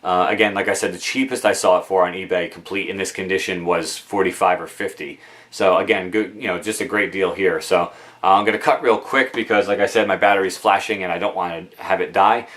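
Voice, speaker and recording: A man talking casually about video games he has bought, in a relaxed, rambling way full of ums and uhs, recorded at home in his game room on a camera mic. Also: low-pitched, a little fast. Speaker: video game collector vlogger. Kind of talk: casual show-and-tell of game purchases.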